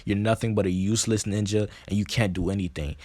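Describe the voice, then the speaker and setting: Brief: man reading a contemptuous young ninja boy, deep and dry, retold fan story. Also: quick pace, dry recording, natural voice. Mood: scornful. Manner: contemptuous insults in a flat retelling. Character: scornful young male ninja, cold and vengeful.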